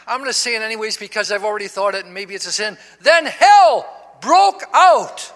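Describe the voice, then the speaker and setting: A man in his sixties, a pastor, preaching a sermon that swells into shouts and call-and-response. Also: high-pitched, expressive, normal speed. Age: 60s. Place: church sanctuary. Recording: long reverb of a church hall.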